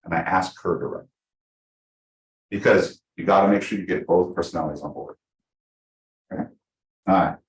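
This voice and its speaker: A man teaching real estate agents at a team meeting, talking fast and acting out his examples. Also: low voice. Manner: energetic, fast, full of acted-out examples. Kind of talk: live team training class. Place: meeting room with a small audience. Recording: echoey room.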